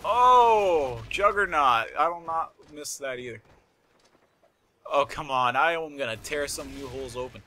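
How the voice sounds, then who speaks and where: Male gameplay commentator, raised pitch, very forceful bright tone, excitable and rambling, quick to shout and curse. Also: a little hiss or hum. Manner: excitable, shouts and laughs at in-game moments; rambling and chatty with frequent swearing. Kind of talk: live game commentary. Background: game gunfire and explosions.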